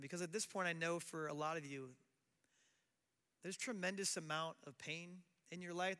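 Middle-aged male pastor, high bright voice, chatty sermon, long hall reverb. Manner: conversational preaching with acted quotes.

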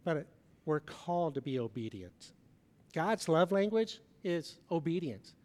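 A middle-aged man preaching a sermon, telling a personal story with swings between loud emphasis and soft, hushed moments. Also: on the high side, very animated, a little slow, in a large hall. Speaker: pastor. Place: large church hall.

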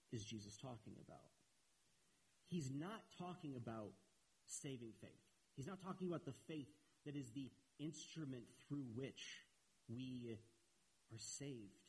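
A man preaching a sermon in an earnest way, repeating phrases for emphasis and rising in pitch as he gets animated. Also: breathy edge, rough recording.

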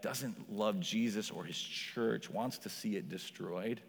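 A man preaching a sermon as pastor, in a conversational style full of "like", acting out quoted voices with lively shifts. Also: fairly low pitch, takes it slowly. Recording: long hall reverb.

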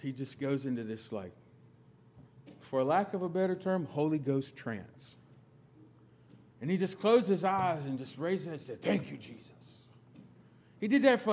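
A middle-aged man from the United States preaching a sermon, telling stories with sudden loud emphatic bursts and quiet asides. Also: fairly high pitch. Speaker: pastor.

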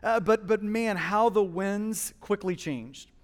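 High-voiced impassioned preacher in a hall. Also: male voice, slow pace. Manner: impassioned, swings from hushed to loud emphasis. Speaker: pastor. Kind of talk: sermon. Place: church hall.

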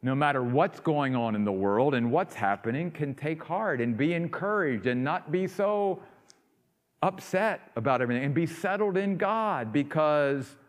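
A man preaching a sermon, rising to loud emphatic peaks and dropping to quiet asides. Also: on the high side. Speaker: pastor. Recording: long hall reverb.

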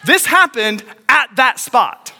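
A man in young adulthood preaching a sermon as a pastor, telling a story quickly and with animation. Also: very high voice, sing-song, sharp tone, long reverb tail.

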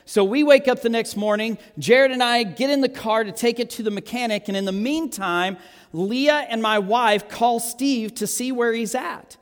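Preacher, high-voiced man, lively storyteller, big hall reverb. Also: moderate pace. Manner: animated, self-amused storyteller with frequent restarts. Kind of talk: sermon storytelling.

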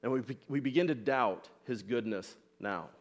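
A man's voice: mid-range voice, moderate pace. A male pastor giving a sermon, talking earnestly and repeating words as he builds each point. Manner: acts out the people's complaints in quoted voices.

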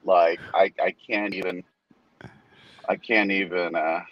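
A man's voice: low-pitched, measured pace, muffled recording. A male pastor in his forties telling a story in casual chat, acting out the voices of the people in it. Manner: animated storyteller who acts out quoted voices.

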